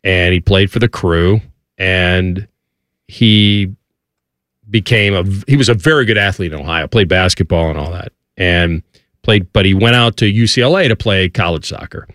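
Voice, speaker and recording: A man's voice: low voice, normal speed, a bit bright, dry recording. A man with a Chicago accent hosting a casual studio chat, telling stories and jumping into quoted voices. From Midwest, Chicago.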